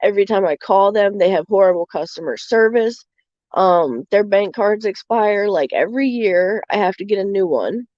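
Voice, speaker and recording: A woman's voice: mid-range voice, normal speed, darkish tone, dry recording, muffled recording. A young adult woman streaming live, chatting candidly with many fillers. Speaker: livestream host. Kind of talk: casual chat.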